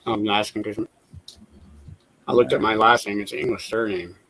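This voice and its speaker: A man's voice: lowish voice, fairly even intonation, moderate pace, a bit bright, slight background noise, poor audio. A man from the American South with a Southern accent, chatting in a laid-back way and swearing often. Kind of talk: casual chat.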